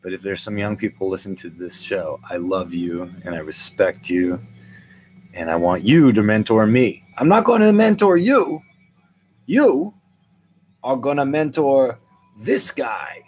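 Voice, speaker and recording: In a solo comedic monologue, an older podcast host rambles wryly to his audience, jumping animatedly into quoted voices. He speaks at a normal speed with a low-sitting voice. A little hiss or hum is present.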